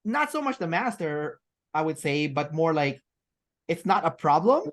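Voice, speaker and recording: A woman's voice: low voice, very animated, a little slow. A woman as an interview guest, talking in a rambling, chatty way with many fillers and restarts. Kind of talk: casual interview chat.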